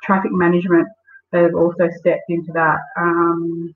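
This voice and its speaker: A woman's voice: lowish voice, monotone, normal speed. A woman being interviewed as a guest, telling stories with many fillers. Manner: storytelling, lots of fillers. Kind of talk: casual interview. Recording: tinny phone-like call audio.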